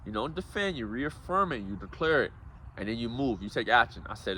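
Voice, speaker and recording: A man's voice: mid-range voice, very animated, fairly quick, pushed and bright, slight background noise. A man giving a casual, preachy motivational talk, calling his listeners guys and bro. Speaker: self-help speaker.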